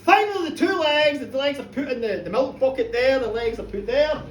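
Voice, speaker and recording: A woman's voice: high-pitched, expressive, a little fast, slight background noise. A woman telling a comic, gory tale live to a pub audience, acting it out playfully. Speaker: storyteller. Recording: roomy, distant live pub recording.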